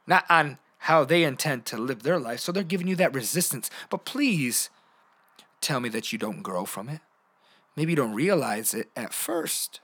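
A man hosting a motivational podcast, talking in an animated, playful way that jumps between hushed and loud. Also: medium pitch, moderate pace, husky. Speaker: podcast host.

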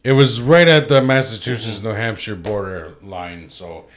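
A man's voice: fairly low pitch, moderate pace. A man co-hosting a comedy podcast, cracking crude jokes in loose, casual banter. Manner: crude, joking, breaks into impressions. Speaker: podcast co-host.

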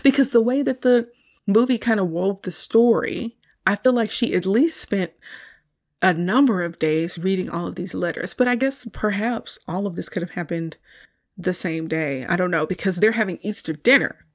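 A woman's voice: medium pitch, normal speed. A woman hosting a solo review podcast, retelling a film scene in a chatty, casual way and laughing often.

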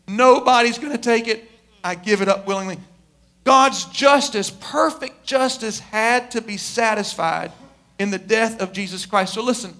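A middle-aged male pastor preaching with a strikingly high, bright, ringing voice. He swings from loud, pleading passages down to hushed, intense moments. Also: normal speed. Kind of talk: sermon.

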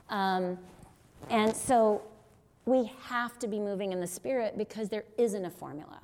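A middle-aged woman who teaches on deliverance ministry gives an earnest, conversational sermon-style lesson, often checking in with listeners and frequently asking a rhetorical "right?". Her voice is medium-pitched and darkish, her pace unhurried, with slight background noise.

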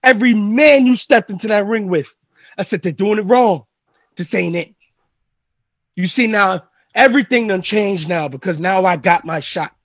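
A man's voice: sits high, moderate pace, no room sound. A man who wrestles, cutting an intense trash-talking promo on a live podcast. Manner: intense trash talk, rising to shouting.

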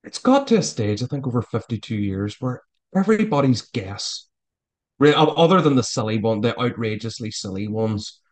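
A man's voice: mid-range voice, very animated, moderate pace. A man talking as a guest in a casual interview, rambling with frequent stammered restarts. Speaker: author guest.

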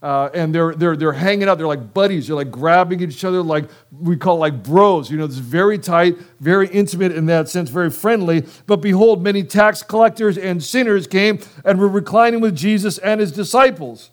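Male pastor, fairly high voice, chatty animated sermon full of acted-out dialogue. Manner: casual slang, quick bursts.

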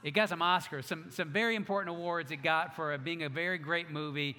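A man preaching a sermon as pastor, telling stories in an animated way with self-mocking asides. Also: on the high side, a little fast, long reverb tail.

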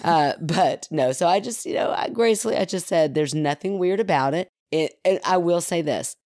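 A woman in her thirties tells family stories on a podcast in a lowish voice, laughing often as she goes. The sound is close and dry, with no room around it. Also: moderate pace, no echo. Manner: animated storyteller, laughs often. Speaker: podcast co-host. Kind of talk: casual chat.

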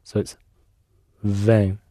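A man's voice: lowish voice, completely flat delivery, drawn-out words, mellow, no room sound, clean studio sound. A man language student answering hesitantly in a lesson. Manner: hesitant, unsure.

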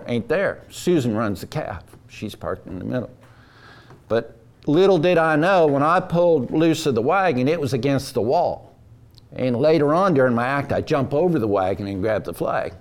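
A man telling a rodeo story in a casual, folksy, animated way. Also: medium pitch, moderate pace. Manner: folksy drawl, animated retelling.

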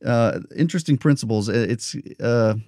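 Podcast host guy, mid pitch, thinks out loud, rambles a bit, dry sound. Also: moderate pace, dry recording. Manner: thoughtful, rambling with fillers and soft laughs. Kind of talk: podcast interview.

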